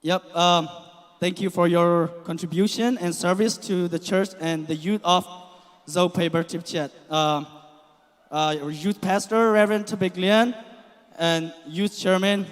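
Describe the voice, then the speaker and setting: A man emceeing a church event, speaking haltingly with many pauses and fillers. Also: high-pitched, fairly even intonation. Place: church hall. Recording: echoey hall.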